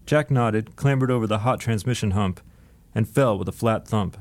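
A man narrating an audiobook in a steady, dry storytelling manner. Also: fairly low pitch, normal speed.

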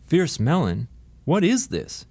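A man voicing a dizzy, bewildered young man who asks startled, plaintive questions, pitched well above his own voice. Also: animated, normal speed, a little mellow, no echo, close to an everyday voice.

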